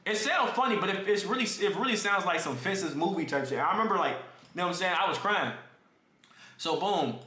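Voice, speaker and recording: A young man tells a story to his live chat in loose, casual slang, addressing his viewers directly. His voice sits high and bright, and it carries a noticeable room echo. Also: animated, a little fast. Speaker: streamer.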